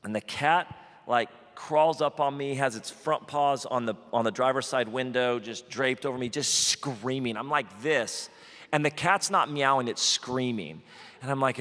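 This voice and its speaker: A male pastor telling a funny personal story in a sermon, animated and self-deprecating, with quick asides. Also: medium pitch. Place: church auditorium. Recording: large hall with long reverb.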